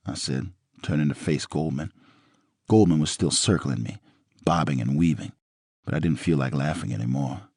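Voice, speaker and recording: A man's voice: very deep voice, normal speed, warm tone, dry recording, studio quality. A man narrating a crime story in the first person, blunt and profane. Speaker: audiobook narrator. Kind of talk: first-person book reading.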